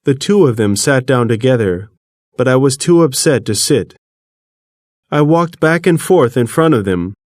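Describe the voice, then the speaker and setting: Man, audiobook narrator, first-person reading, measured, earnest, mid-pitched, dry close mic. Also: lively intonation, darkish tone, dry recording.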